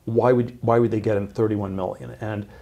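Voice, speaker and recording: A middle-aged man telling a long story as an interview guest, halting, with many fillers and restarts. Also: fairly low pitch, flat delivery, creaky, warm tone.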